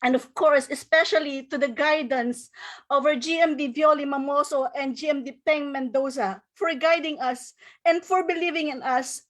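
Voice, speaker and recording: High-voiced woman giving a tearful thank-you speech. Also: steady tone, normal speed. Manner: tearful, grateful, breaks into laughter. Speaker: marketing director giving a recognition speech. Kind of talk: emotional testimonial speech. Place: home.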